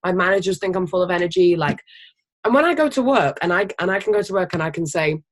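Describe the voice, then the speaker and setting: A team leader giving an animated, casual motivational training talk, emphatic and swearing freely. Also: medium pitch, fast talker. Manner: animated, energetic. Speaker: team leader of a health business.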